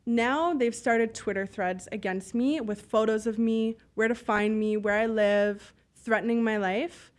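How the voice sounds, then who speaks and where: A woman from Canada, a guest in a casual interview, tells her stories bluntly and with plenty of energy. Her voice sits a bit high, and she peppers her speech with "like" and the odd curse while she acts out what other people said. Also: unhurried, hardly any pauses. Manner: animated, blunt storyteller who swears; fillers and acted-out dialogue. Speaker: podcast guest, business owner.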